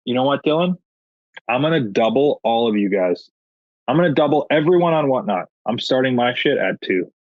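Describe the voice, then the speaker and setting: Male guest, animated joker, mid pitch, muffled dry recording. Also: a little fast, no echo. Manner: joking, animated storyteller. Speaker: podcast guest. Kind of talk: casual chat. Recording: dull lo-fi dry sound.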